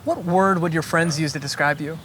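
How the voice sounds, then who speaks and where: Interviewer, brisk and friendly, medium pitch, faint background hiss. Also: fairly even intonation, a bit bright. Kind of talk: casual quick-fire interview questions.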